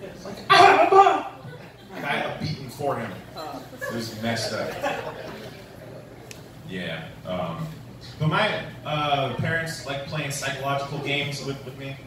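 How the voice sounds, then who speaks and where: A man's voice: mid-range voice, measured pace, long pauses, crowd noise. A young man doing a stand-up comedy set, with a rambling manner full of fillers. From New Mexico, USA. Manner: rambling, filler-heavy storytelling with many "like"s and "um"s. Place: comedy club stage. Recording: echoey room, distant mic, faint room noise.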